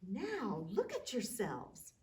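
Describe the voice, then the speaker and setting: A clever, confident young butter maid talks her way out of trouble, voiced by a woman reading aloud. Her lively voice rises and falls slowly, heard from a little distance. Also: medium pitch. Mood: persuasive.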